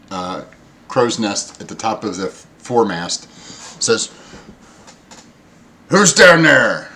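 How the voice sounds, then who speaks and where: A man running a tabletop game as game master, narrating with many pauses and fillers. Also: sits low, fairly bright tone, slight background noise. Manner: hesitant, filler-heavy narration.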